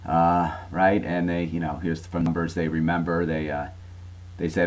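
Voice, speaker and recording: A man's voice: sits low, level tone, moderate pace. A man lecturing a college class in a chatty, informal way, checking in with frequent asides and fillers.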